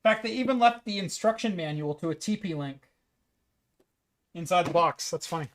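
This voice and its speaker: A man's voice: high-pitched, animated, normal speed. A man co-hosting a casual tech podcast, reading labels aloud and mock-ranting about pronunciation. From United States. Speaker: podcast co-host. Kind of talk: casual chat.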